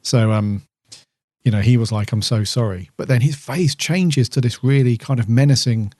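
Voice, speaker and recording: A man co-hosting a podcast in a relaxed chat. His voice is dark and mellow, sitting in a middle pitch, recorded dry and close. He rambles, stumbles and restarts often. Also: normal speed, no room sound. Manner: rambling, many fillers and restarts. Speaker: podcast co-host. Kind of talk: casual chat reviewing an episode.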